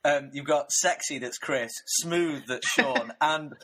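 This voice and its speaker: Northern Irish male co-host, high bright voice, hearty laugher. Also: takes it slowly. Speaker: podcast co-host. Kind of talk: casual chat.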